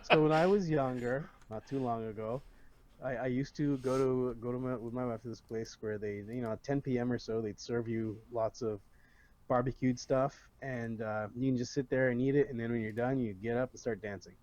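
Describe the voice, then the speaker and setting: A man spinning a wry story in a steady, mid-pitched voice, taking his time and building to each point. He talks casually over a video call. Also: no room sound, muffled recording. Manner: deliberate, anecdotal, wry. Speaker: player.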